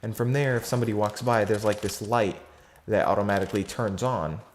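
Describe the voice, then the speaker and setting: A man's voice: fairly low pitch, fairly quick, slight background noise. A fourteen-year-old boy telling a story in a casual vlog, rambling with lots of fillers, slang and restarts. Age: teenager, fourteen.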